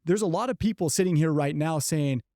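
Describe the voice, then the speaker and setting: A middle-aged man co-hosting a business podcast, telling a story earnestly and slowing down to stress key points. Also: fairly high pitch, mellow, dry recording, studio quality. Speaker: podcast co-host. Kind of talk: motivational podcast talk.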